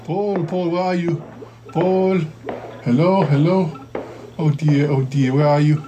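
A man's voice: a little high, fairly even intonation, slow pace, dull audio, music in the background. A man voicing Cromitty, a fussy, dithering inventor who keeps fretting aloud. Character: fretful inventor Cromitty, keeps saying oh dear.

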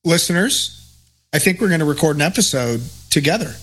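A man's voice: on the high side, expressive, fairly quick, fairly bright tone, soft background music, low-quality recording. A man hosting a podcast, chatting in an upbeat, encouraging way with his guests. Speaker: podcast host. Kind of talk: casual podcast chat.

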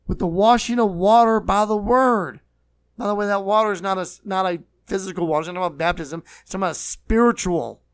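Earnest high-voiced male preacher. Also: fairly bright tone, no room sound. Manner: earnest, repeats phrases, slows for emphasis. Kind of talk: sermon.

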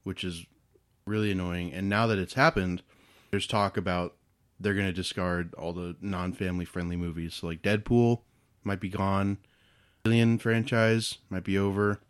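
A man's voice: low voice, level tone, moderate pace, clean tone. A young man co-hosting a casual movie chat, sarcastic and joking, laughing as he talks. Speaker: podcast co-host.

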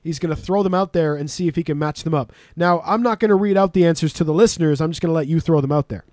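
High-voiced casual podcast host. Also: male voice, fast, a little mellow, dry recording, clean studio sound. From Canada. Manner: loose, swearing, laughing host.

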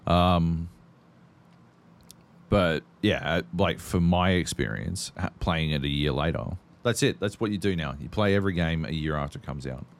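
A man's voice: low voice, normal speed. A man co-hosting a podcast, chatting casually about games while swearing constantly and rambling through stories. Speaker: podcast co-host. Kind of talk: casual gaming chat.

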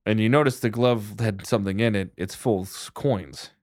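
A man narrating a tabletop role-playing game as game master, in a relaxed, joking manner. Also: on the low side, normal speed, a little hiss or hum.

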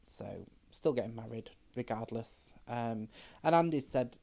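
A woman's voice: rumbling low, animated, measured pace, creaky, few pauses, mellow. A middle-aged trans woman, talking frankly as a podcast guest and telling stories with quoted dialogue. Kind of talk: casual chat.

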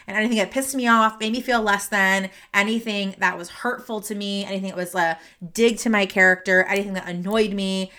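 A woman's voice: medium pitch, fairly even intonation, brisk, few pauses, bright, forceful tone. A woman hosting a solo podcast from her office, talking in a chatty way with many fillers and restarts, teary and sniffly. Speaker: podcast host and career coach. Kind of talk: casual solo podcast monologue.

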